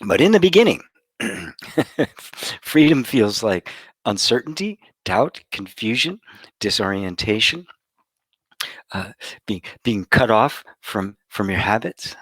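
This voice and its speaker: A man with a low voice gives a meditative spiritual talk at an unhurried pace. His tone is bright and forward, and he lets some phrases fall into a hushed whisper. The sound is dry and close. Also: big pitch swings, slightly rough, dry recording. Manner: slow, contemplative, drops to soft whispers for emphasis. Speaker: spiritual teacher. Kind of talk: satsang talk.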